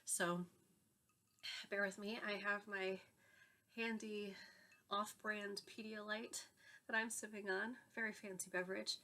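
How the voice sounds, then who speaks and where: A woman in her thirties, a knitting podcast host and yarn dyer, chats to camera from a home room with yarn shelves behind her. She has a cold, so her mid-range voice sounds congested and nasal, though bright and forceful; her delivery is flat and measured with frequent pauses, yet she's chatty and laughs often.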